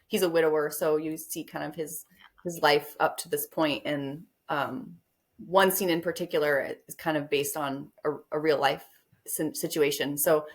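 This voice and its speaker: A woman's voice: sits low, fairly even intonation, normal speed. A woman guest author in casual interview chat, rambling a bit and laughing often.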